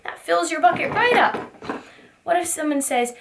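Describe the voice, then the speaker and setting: A woman teaching a preschool circle time, asking gentle questions in a sing-song teacher voice. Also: extremely high pitch, expressive, normal speed, vocal fry, noisy background. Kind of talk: circle time lesson for young children.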